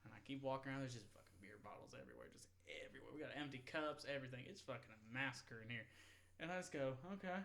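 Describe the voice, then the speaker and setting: A man's voice: medium pitch, very animated, rapid-fire, vocal fry, a bit bright. A man in his twenties telling a long party story in casual, rambling, profane chat, often laughing. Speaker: podcast host.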